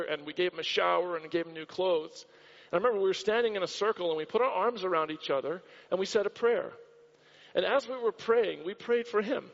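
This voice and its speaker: A man preaching a sermon with impassioned repetition, recorded in a church hall. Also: sits high. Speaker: pastor. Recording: dull sound with long hall reverb.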